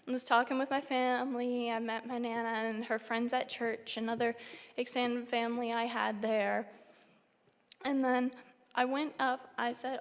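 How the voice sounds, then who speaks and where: A young woman giving a personal testimony in church, telling her story in a lively way and acting out her own reactions. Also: on the high side, normal speed. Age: young adult. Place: church sanctuary. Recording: long church hall reverb.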